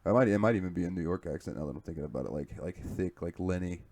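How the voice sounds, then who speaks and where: Casting: deep-voiced southern guy, podcast co-host, loose profane storyteller. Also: lively intonation, very fast, darkish tone. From southern United States. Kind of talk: casual chat.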